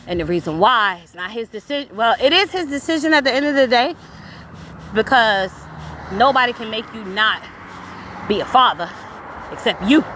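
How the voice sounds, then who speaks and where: A woman's voice: mid-range voice, fairly bright tone, a little hiss or hum. Breathless New York woman talking on a walk. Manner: blunt, preachy, addresses viewers directly. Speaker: spiritual vlogger. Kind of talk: casual live-stream talk while walking. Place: outdoors on a street, walking.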